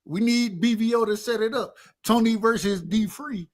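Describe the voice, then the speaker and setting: A man's voice: sits high, moderate pace. A man on an online debate panel who stammers through restarts and keeps urging the others to let each other speak. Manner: stammering, keen to moderate.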